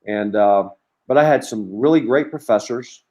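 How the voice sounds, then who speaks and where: A middle-aged former college basketball coach, speaking at normal speed in a mid-range voice, is a guest on a podcast. In conversation he tells long, rambling, animated anecdotes, restarting many times.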